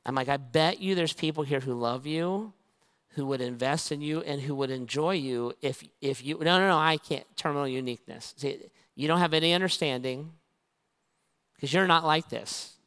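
A man's voice: medium pitch, moderate pace, clean tone. Male pastor preaching in a reverberant hall. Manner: animated storytelling, acting out both sides of conversations. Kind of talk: sermon. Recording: long reverb of a large hall.

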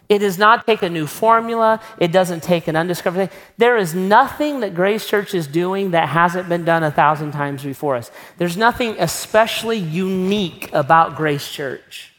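A man's voice: high-pitched, a bit bright. A man preaching a sermon as a pastor, conversational and emphatic, often tossing rhetorical questions to the congregation.

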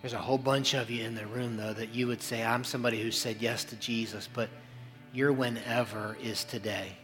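A male pastor giving a sermon in a church service, with slow, emphatic, pleading phrasing and repeated lines. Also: medium pitch, fairly even intonation, fairly bright tone, faint music behind.

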